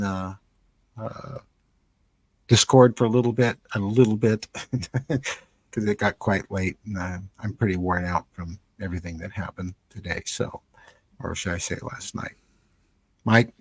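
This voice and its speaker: A low-voiced man hosts a live stream interview over a video call. He speaks in a relaxed way, leaning on fillers, and the sound is dry and close. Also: dry recording. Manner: relaxed, thankful sign-off with fillers. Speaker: host.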